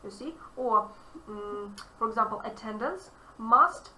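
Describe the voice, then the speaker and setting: A woman English teacher with a Russian accent, explaining grammar to a student in an animated, emphatic way. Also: fairly high pitch, measured pace. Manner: animated, emphatic, repeats key phrases. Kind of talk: online grammar lesson. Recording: echoey room, distant mic, faint noise.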